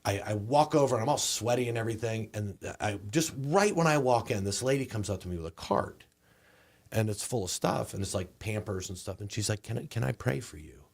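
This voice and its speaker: A male comedian with a Southern accent telling a story casually, with lively halting restarts. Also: fairly low pitch. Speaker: comedian and guest.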